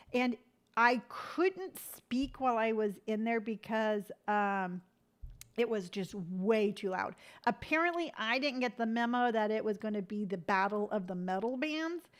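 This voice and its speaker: A middle-aged woman with a somewhat high voice chats casually on a live stream. She tells loose, rambling stories full of fillers. She breaks off to answer viewer comments. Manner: chatty, rambling storytelling with many fillers; reads viewer comments aloud and answers them. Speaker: lifestyle vlogger hosting a live stream.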